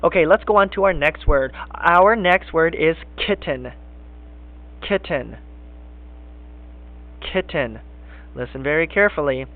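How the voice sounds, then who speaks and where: A man teaching a kindergarten phonics lesson, speaking slowly and encouragingly in sing-song teacher talk. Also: fairly high pitch. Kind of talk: recorded classroom phonics lesson. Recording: tinny phone-like lo-fi sound.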